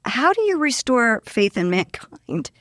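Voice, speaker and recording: A woman hosting a podcast interview, chatty and upbeat, who slows down when she asks questions. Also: a little high, sing-song, a bit bright, dry recording, clean studio sound. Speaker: podcast host. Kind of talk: casual interview.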